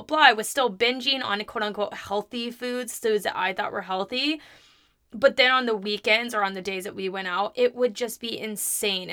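A woman's voice: on the high side, pushed and bright. A young woman in her twenties hosting a podcast, telling a personal story in an open, confessional, chatty way, with frequent laughs. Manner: laughs between remarks. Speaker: podcast host.

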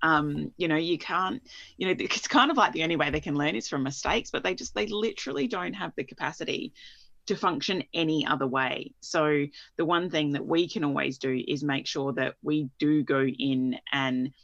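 A woman's voice: low-pitched, moderate pace, gravelly, fairly bright tone, dry recording. A woman co-hosting a casual parenting chat, thoughtful and rambling with fillers. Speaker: podcast co-host. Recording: slightly dull, dry sound.

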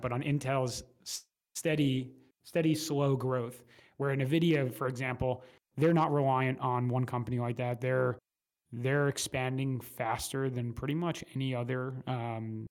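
A man speaking as an investment manager guest in a casual interview, measured and hesitant. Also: mid-range voice, vocal fry. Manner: measured, hesitant with fillers and restarts.

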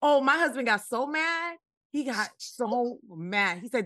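A woman co-hosting a casual faith podcast over a remote call, animated and laughing often. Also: fairly high pitch, measured pace, no echo. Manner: animated, laughing, drawling "y'all". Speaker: podcast co-host.

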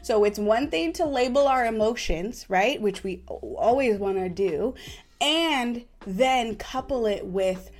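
A woman in her thirties hosting a parenting talk, animated and casual, who keeps checking in with "right?". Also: a little high, slow pace. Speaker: parenting podcast host.

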